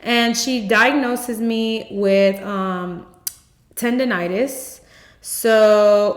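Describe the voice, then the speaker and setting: Woman podcaster telling her own story, emotional and candid, talks to "y'all", mid pitch, echoey room. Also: extremely slow. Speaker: podcast host. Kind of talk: personal storytelling monologue. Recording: roomy echo.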